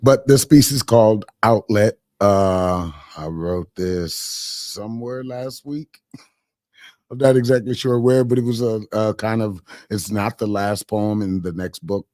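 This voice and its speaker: A man talking casually on a podcast and then reading his own spoken word poem in a measured, reflective way. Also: sits low, a little mellow, dry recording, studio quality. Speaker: poet and podcast guest.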